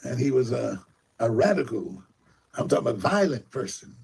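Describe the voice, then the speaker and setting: A man's voice: medium pitch, very animated, normal speed, darkish tone, a little hiss or hum. A man preaching in a played clip, rambling along with big, showy words. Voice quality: gravelly, raspy. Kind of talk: preaching commentary.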